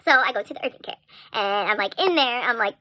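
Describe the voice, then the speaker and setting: A young woman telling a story in a casual vlog, chatty and animated, full of "like" and little laughs. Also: a little high, fast talker, dry recording.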